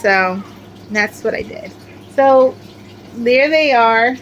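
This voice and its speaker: Brief: middle-aged woman, fairly high voice, rambling show-and-tell crafter, filler-heavy. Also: slow pace, a bit bright, dull audio, slight background noise. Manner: chatty, rambling, many "like" fillers. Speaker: crochet crafter showing her amigurumi. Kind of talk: casual show-and-tell chat.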